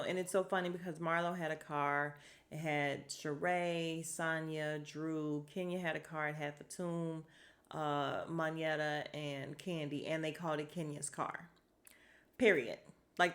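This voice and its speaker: Chatty woman recapping TV. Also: sits low. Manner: chatty and exasperated, acts out cast members' lines. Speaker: podcast host recapping a reality show. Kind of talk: casual solo recap.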